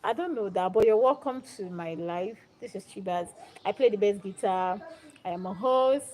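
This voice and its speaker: A young woman hosting a live stream, telling a Bible story in a casual, animated and dramatic way. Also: mid-range voice, moderate pace, low-quality recording. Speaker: livestream host.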